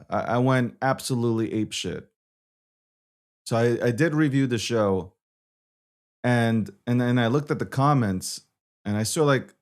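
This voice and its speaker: A man with a thick Brooklyn New York accent runs a live-streamed talk show, his voice sitting at an ordinary middle pitch. He talks in a brash, loose way, cursing casually, repeating lines and tripping over quick restarts. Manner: brash, swearing, repeats himself, stammering restarts. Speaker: show host.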